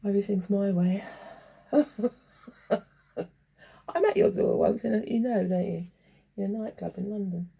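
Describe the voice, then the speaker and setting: Woman, heavy vocal fry, dark mellow tone, rambling casual vlog monologue, bickers with herself. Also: medium pitch, fairly even intonation, normal speed, long pauses. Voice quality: gravelly. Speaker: vlogger.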